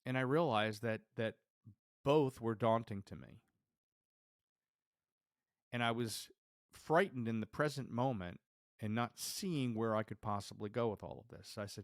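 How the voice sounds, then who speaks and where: A man hosting a podcast, telling a personal story in a lively way and acting out the dialogue he remembers. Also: medium pitch, unhurried, long pauses, dry recording, clean studio sound. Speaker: podcast host.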